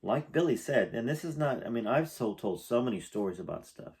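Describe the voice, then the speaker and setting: A man's voice: mid-range voice, lively intonation, brisk, a little mellow. A man reading a memoir aloud and breaking off into rambling, emotional, conversational asides.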